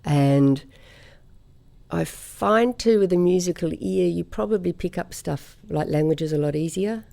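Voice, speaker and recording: She is a middle-aged woman from Australia, chatting as a guest in an interview. Her voice has a gravelly edge and a dark, mellow tone. She tells her stories in a lively way and laughs often. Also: on the low side. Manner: chatty storyteller, quick to laugh. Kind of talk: casual interview chat.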